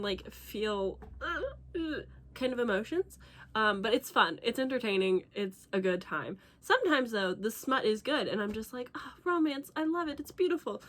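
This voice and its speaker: A young woman vlogging casually about a book she is reading, with animated, dramatic reactions. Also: a little high. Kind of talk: casual reading vlog chat.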